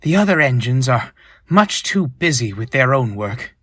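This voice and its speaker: A man's voice: mid-range voice, sing-song, normal speed, fairly bright tone, no echo. A man voicing Edward, a weary, hardworking old male engine who stays polite, in a storybook reading. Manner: tired but polite.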